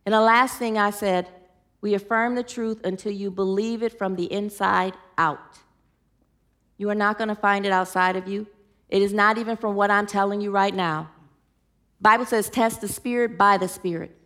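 In a mid-range, fairly bright voice with fairly even intonation, a female spiritual teacher talks at normal speed. Her sermon is earnest, full of group affirmations and lively storytelling.

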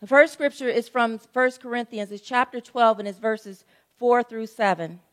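A woman pastor in middle age preaches a sermon in a relaxed, storytelling manner. Her voice sits high and light, and she keeps checking in with the congregation as she goes. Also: moderate pace. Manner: conversational storytelling preaching, frequent "right?" asides.

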